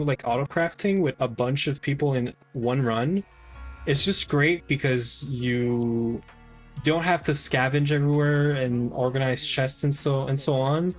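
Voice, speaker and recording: A man live-streaming a game, chatting casually with friends, rambling with many fillers and restarts. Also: mid-range voice.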